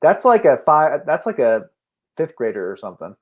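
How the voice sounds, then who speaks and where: A man's voice: a little high, big pitch swings, moderate pace. Enthusiastic man, casual chat. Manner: enthusiastic, fills his speech with "like". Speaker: podcast co-host.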